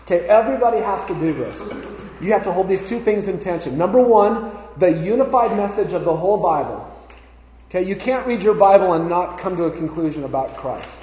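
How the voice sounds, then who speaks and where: A man with a fairly high voice teaches a Bible class, emphatic and conversational, restarting phrases as he thinks. He sounds muffled and dull, with a long echo from a large room. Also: lively intonation, brisk, mellow, slight background noise. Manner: emphatic, conversational, repeats words while thinking. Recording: echoey, dull room recording.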